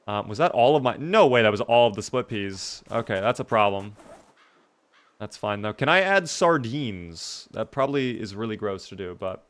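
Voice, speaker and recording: A man's voice: on the low side, animated, normal speed, fairly bright tone. A man streaming a video game live, chatting casually and answering viewer messages as he plays.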